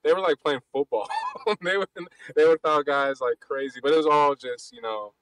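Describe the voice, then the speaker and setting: A man hosting a casual live basketball chat, talking fast and loosely with frequent restarts. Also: on the high side, lively intonation, a bit bright, dry recording, rough recording. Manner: rapid, loose talk with many restarts. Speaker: podcast host.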